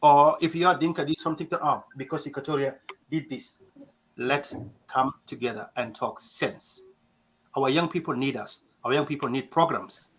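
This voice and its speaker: A man's voice: medium pitch, moderate pace, fairly bright tone, slight background noise, low-quality recording. A man from South Sudan speaking passionately in an online community discussion, asking rhetorical questions and restarting phrases. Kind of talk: passionate audio-room speech.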